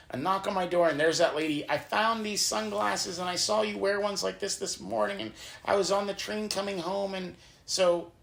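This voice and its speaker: A man hosting a podcast, telling personal stories in an animated, profane, casual way. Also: sits high, gravelly. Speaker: podcast host. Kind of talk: casual storytelling chat.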